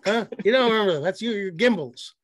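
A man's voice: sits high, animated, fast, crowd noise. A man co-hosting a podcast, telling a rambling, profane story in casual chat. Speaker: podcast co-host.

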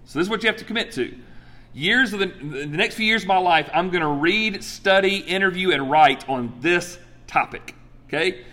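A fairly high-voiced man in his forties preaches to his congregation. He tells stories with lots of energy, jumps to loud bursts and then drops to soft, earnest asides. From United States. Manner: animated storytelling, swings from loud exclamations to soft earnest asides. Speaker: pastor. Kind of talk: sermon.

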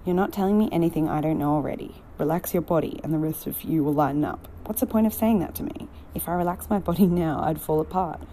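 A woman's voice: sits low, mellow, a little hiss or hum, natural voice. A woman reading the lines of a troubled young woman, earnest and pleading. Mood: distraught. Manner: earnest, pleading, quickening when upset.

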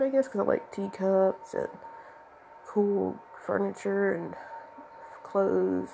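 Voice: mid-range voice, little pitch movement, measured pace, gravelly, dark tone, slight background noise, rough recording. A young adult rambling hesitantly in a casual monologue to camera, with a voice cracking from allergies.

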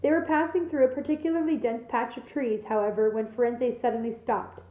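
A woman teacher reading a novel aloud to her class with steady, expressive storytelling. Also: on the high side, a little fast, roomy sound, phone-quality sound.

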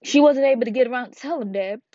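A woman's voice: high-pitched, warm tone. Woman vlogger, casual slangy manga recap; lo-fi sound, no room echo. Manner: slangy and playful, retells scenes with quick asides. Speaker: manga reviewer. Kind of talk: casual video review. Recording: dull lo-fi dry sound.

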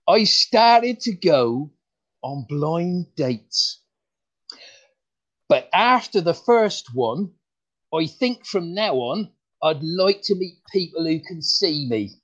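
A man's voice: fairly high pitch, animated, a bit bright, husky, full character voice. Man doing a stammering rural farmer comic. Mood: folksy. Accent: rural English. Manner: halting, stammering, folksy. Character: bumbling rural male farmer comedian. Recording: dull lo-fi sound.

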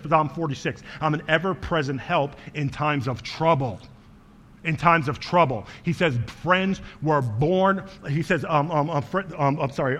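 A man's voice: medium pitch, fairly bright tone. A man preaching a sermon as pastor, speaking earnestly and directly to his congregation and quoting scripture with small verbal slips.

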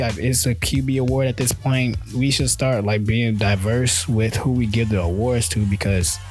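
A man's voice: mid-range voice, darkish tone. A man hosting a casual solo sports podcast, talking loosely in slang and often restarting his words.

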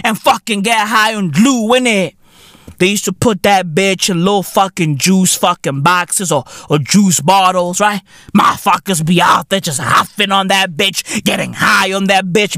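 High-pitched profane South African man ranting. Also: no room sound. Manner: profane, animated, slangy rant with shouted bursts. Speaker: comedy podcast host. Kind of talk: comedic rant monologue.

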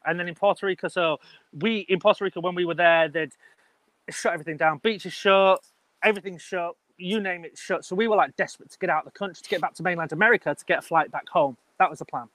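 English man in his thirties, high voice, chatty rambling storyteller, dry close sound. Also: quick pace, no echo, poor audio. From England. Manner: chatty, animated, rambling with restarts. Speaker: guest, wedding business owner. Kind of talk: casual storytelling in an interview.

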